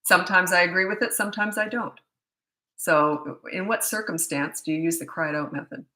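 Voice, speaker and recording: A woman's voice: lowish voice, moderate pace, sharp tone. A middle-aged woman, a parenting coach answering viewer questions in a rambling, chatty way that often restarts mid-sentence. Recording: roomy echoey room.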